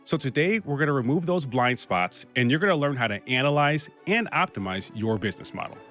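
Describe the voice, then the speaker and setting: A man's voice: mid-range voice, animated, fairly quick, fairly bright tone, soft background music. A man hosting a business podcast, delivering a direct, practical scripted monologue with the odd light joke. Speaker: podcast host and business consultant.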